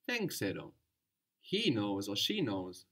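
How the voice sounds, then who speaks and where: Male teacher, calm and patient, walks a student through phrases step by step. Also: on the low side, takes it slowly. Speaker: language teacher. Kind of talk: guided language lesson.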